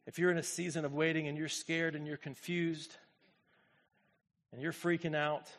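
A man preaching a sermon as pastor, swinging from quiet, low reflection to loud, fervent exclamation and calling on the congregation to respond. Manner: speaks to the congregation directly, asks for responses.

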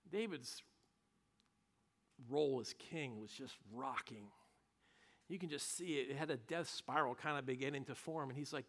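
A man's voice: medium pitch, moderate pace, soft background music. A male pastor preaching a sermon, retelling scripture in a casual, joking storytelling manner.

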